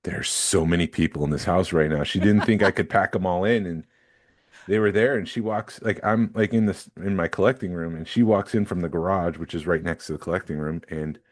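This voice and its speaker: A man's voice: deep voice, brisk, dry recording, clean studio sound. A man co-hosting a podcast, telling stories in an easygoing, casual way. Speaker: podcast co-host. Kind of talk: casual chat.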